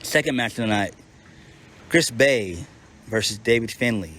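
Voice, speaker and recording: A man's voice: lowish voice, lively intonation, unhurried, fairly bright tone. A man giving a casual, unscripted recap as a reviewer, blunt and profane, often restarting his sentences. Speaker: wrestling show reviewer.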